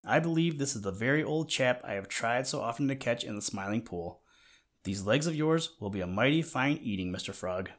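A man's voice: medium pitch, lively intonation, a little fast, fairly bright tone. A man doing a gloating farm boy. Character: cheerful careless farm boy.

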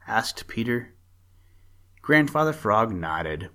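A man narrating a children's animal story for a reading podcast, steady and measured. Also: on the low side.

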